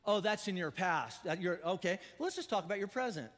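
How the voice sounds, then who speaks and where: Pastor, male, higher-pitched, preaches with animated swings from loud to hushed, in a reverberant church. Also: fairly quick, few pauses. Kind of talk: sermon. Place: church auditorium.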